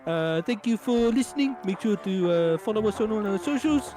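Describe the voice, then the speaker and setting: A man's voice: high voice, lively intonation, music in the background, pitched above the performer's own voice. Direction: a man doing a cheery New Zealander host, jokey. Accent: bad put-on New Zealand accent. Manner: jokey, rushed mock-formal sign-off.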